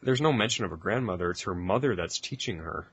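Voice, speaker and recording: A man co-hosting a casual podcast, easygoing, asking questions and chiming in with quick agreement. His voice is very deep and slightly husky. The sound is dry and close. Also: expressive, a bit bright, no room sound. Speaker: podcast co-host. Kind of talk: casual chat.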